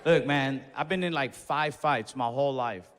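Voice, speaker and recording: Laid-back young man doing stand-up, gravelly. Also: mid-range voice, normal speed, some chatter behind, a little hiss or hum. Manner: laid-back, swearing, acts out his own yelling. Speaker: stand-up comedian. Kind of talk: stand-up storytelling. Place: comedy club stage. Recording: live stage recording in a reverberant hall.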